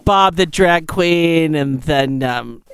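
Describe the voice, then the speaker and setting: High animated man, smooth crisp voice. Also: slow, no echo. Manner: emphatic, animated storytelling. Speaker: podcast co-host. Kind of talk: casual chat.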